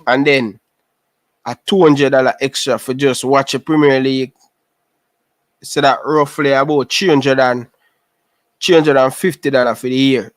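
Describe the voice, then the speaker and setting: In a steady, mid-range voice at normal speed with long pauses, a Jamaican-accented man hosts a casual live chat. Based in Canada, he repeats himself and calls out viewers by name, and the recording is dry.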